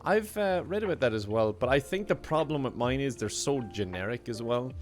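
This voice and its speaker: A man's voice: medium pitch, lively intonation, a little fast, soft background music. A young man streaming a game, chatting casually, laughing often and reading out donations. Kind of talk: casual live-stream chat while gaming.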